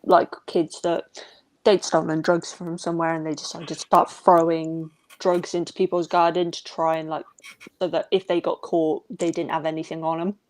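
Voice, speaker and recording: A young woman tells stories in a loose, rambling way and fills her talk with "like". Her voice sits a little low for a woman. This is relaxed livestream chat. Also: normal speed. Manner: chatty storyteller who fills her talk with "like". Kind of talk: casual chat.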